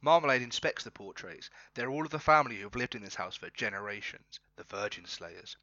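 A man's voice: fairly low pitch, animated, fairly quick, bright, forceful tone, no echo. A man narrating a comic interactive story to a co-host, often laughing as he reads. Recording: slightly dull, dry recording.

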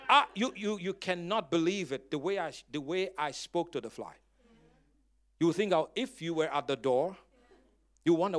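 A male pastor preaching a sermon in a dramatic style, telling stories with humor and breaking into loud bursts of emphasis as he calls on the congregation to respond. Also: high-pitched, lively intonation, normal speed. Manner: storytelling with humor.

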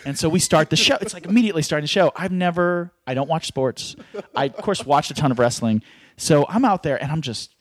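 Animated middle-aged man telling stories. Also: a little high, fairly quick, no room sound. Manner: animated, acts out voices while telling stories; self-deprecating. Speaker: guest. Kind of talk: casual storytelling.

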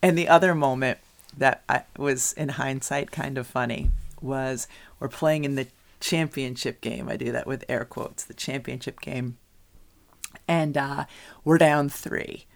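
Her voice is bass-deep with vocal fry, and she speaks at a measured pace. This middle-aged podcast co-host, also a youth basketball coach, chats casually, spinning lively stories full of laughter and restarts.

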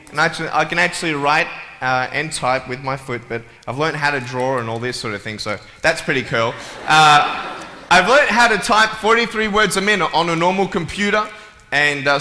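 A man's voice: fairly high pitch, slight background noise. A young man giving a humorous speech to a live audience, telling stories in a playful, joking way. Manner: playful, joking, lively storytelling. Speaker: motivational speaker. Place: large hall with a live audience. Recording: echoey hall with faint ambience.

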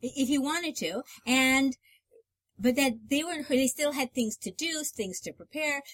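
A woman with a fairly high voice co-hosts a relationship advice conversation. She tells stories with animation and often jumps in to finish the other host's thoughts. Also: expressive, unhurried, a bit bright. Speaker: co-host.

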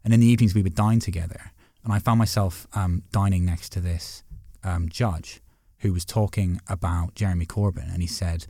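A man's voice: low voice, steady tone, gravelly, warm tone, no room sound, studio quality. A man with a Northern Irish accent, a barrister and guest, telling stories in a passionate, argumentative, casual podcast conversation. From Northern Ireland. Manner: fast, passionate, argumentative storytelling.

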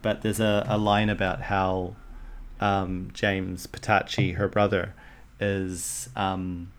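Laid-back man, swearing, animated. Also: deep voice, slow. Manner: animated, swearing, quoting lines in put-on voices. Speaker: film podcast co-host. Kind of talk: casual chat.

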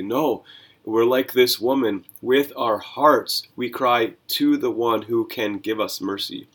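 Unhurried and lowish in voice, the pastor hosting this Bible reading podcast discusses scripture in a lively, chatty way. He leans on rhetorical questions as he goes.

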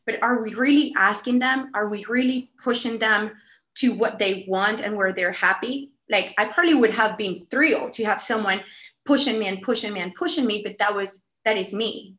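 A woman telling a story casually on a podcast, animated and full of "like" fillers. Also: mid-range voice. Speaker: podcast guest. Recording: echoey room.

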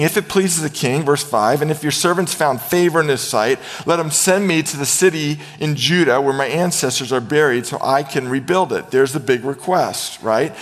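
A middle-aged man delivers a sermon as a pastor in a slightly high voice, with a long reverb tail on the sound. He animates his stories vividly, performing the voices of the people he quotes.

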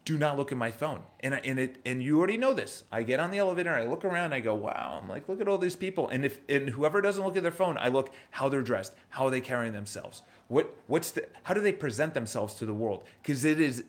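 A man's voice: mid-range voice, lively intonation, quick pace, few pauses. New york guy in his 30s doing a motivational live stream, emphatic, keeps asking rhetorical questions. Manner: emphatic, repeats himself, asks rhetorical questions. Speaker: livestream host. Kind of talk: casual motivational livestream talk.

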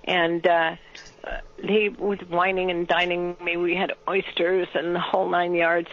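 A woman's voice: fairly low pitch, level tone, a little slow. An older woman, an actress, telling a rambling anecdote with restarts and laughs in an interview. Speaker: actress guest. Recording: dull lo-fi audio.

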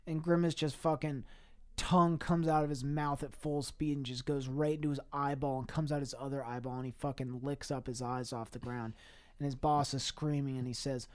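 A man's voice: mid-range voice, flat delivery, brisk, darkish tone. A young man co-hosting a podcast, improvising an absurd, profane comic story with rambling restarts and laughing asides. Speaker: podcast co-host.

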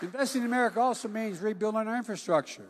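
An older man giving a political speech in a folksy, emphatic way, often dropping into hushed asides. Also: sits high, rapid-fire, a faint crowd. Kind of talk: political campaign-style speech.

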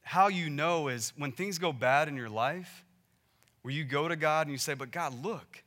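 Bright-voiced preacher, man. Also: fairly high pitch, moderate pace. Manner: conversational preaching, rising to emphatic peaks and dropping to quiet asides. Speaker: pastor. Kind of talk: sermon.

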